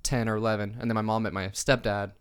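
A man hosting a podcast, chatting in a relaxed, open way. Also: on the low side, fast talker, clear, resonant tone. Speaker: podcast host. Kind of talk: casual chat.

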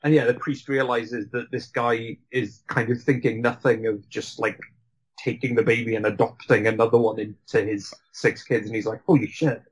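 Husky-voiced man chatting about a film. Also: medium pitch, flat delivery, moderate pace, rough recording. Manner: rambling, many restarts and laughs. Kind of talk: casual film discussion.

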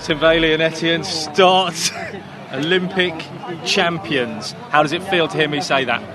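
A man working as a sports reporter, asking quick, friendly questions in a field interview. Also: on the high side. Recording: noisy outdoor recording with crowd.

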